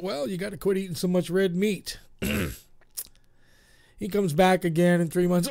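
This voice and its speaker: High-voiced guy hosting internet radio, rambly and self-mocking, lots of uhs. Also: fairly even intonation, moderate pace, vocal fry, pauses often, darkish tone. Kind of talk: casual live radio chat.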